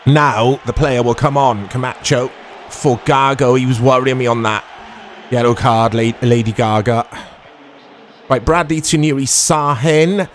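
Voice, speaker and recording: A man in his thirties casually commentating his own football video game, chatty and quick to get excited. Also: mid-range voice, slight background noise. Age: 30s. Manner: chatty, easily excitable, self-deprecating. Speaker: gaming YouTuber.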